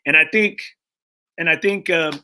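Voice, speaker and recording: A man's voice: fairly high pitch, normal speed, bright, forceful tone. Emotional, earnest man hosting a podcast. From Texas. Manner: earnest and emotional, with frequent restarts and fillers. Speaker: podcast host. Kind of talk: casual podcast chat.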